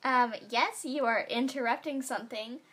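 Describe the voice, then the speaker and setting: Snooty cafe dragon, high and sharp-edged, dismissive, as a woman reading a fan story puts her on. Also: moderate pace, breathy edge. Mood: snippy. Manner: dismissive, snippy.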